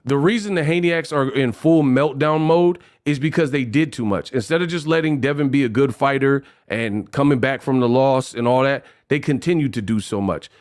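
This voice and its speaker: A man hosting a casual livestream, talking in a lively way, rapping short rhymes and reading donation messages aloud. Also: mid-range voice, normal speed, few pauses. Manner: animated, freestyles rhymes, reads donations aloud. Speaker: livestream host.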